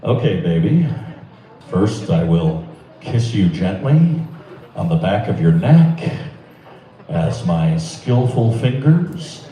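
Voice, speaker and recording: A man voicing a low, smooth public radio host with a slow, hushed announcer delivery. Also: very animated, distant mic, full character voice. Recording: echoey club mic, crowd laughter, from afar.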